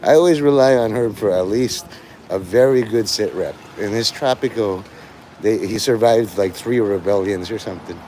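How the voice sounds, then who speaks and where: A man's voice: lowish voice, normal speed, darkish tone, a little hiss or hum. A man streaming live, rambling through jokes and stories, laughing often and swearing freely.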